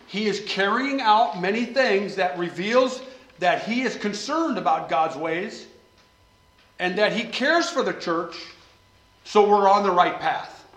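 A man preaching a sermon with passion, swinging between loud pleading and quiet asides. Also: high voice, echoey room, low-quality recording.

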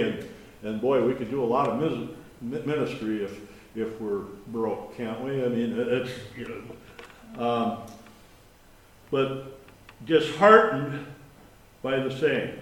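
A man giving a conversational sermon with scripture reading, folksy and halting, with many restarts and asides. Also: medium pitch. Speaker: lay preacher. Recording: echoey room from far off.

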